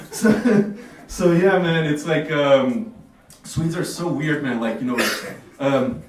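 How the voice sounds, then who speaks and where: A man with a slightly high voice runs a casual stand-up set, often laughing at his own jokes. He was recorded from the back of a small café, so his voice sounds distant and heavily echoed, with faint noise underneath. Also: takes it slowly. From Bosnia. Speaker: stand-up comedian.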